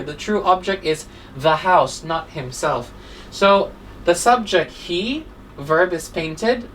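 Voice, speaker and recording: A woman teaching an English grammar lesson, explaining each point step by step and checking with "right?" after nearly every sentence. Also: medium pitch. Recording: voice a little distant from the mic, faint room hum.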